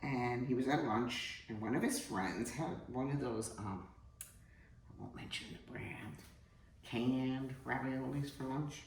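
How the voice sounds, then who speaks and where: A woman's voice: a bass voice, slow pace, a little mellow. A middle-aged woman hosting a casual home cooking demonstration, chatty and joking as she talks straight to her viewers. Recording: roomy, distant from the mic, faint hum.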